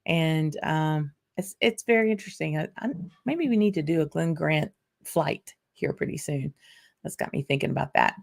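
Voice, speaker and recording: A woman's voice: deep voice, normal speed, gravelly. A woman with a South Louisiana accent hosting a whisky show, chatting with many fillers and laughs, then reading a poem with theatrical flair. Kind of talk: casual chat and dramatic poem reading.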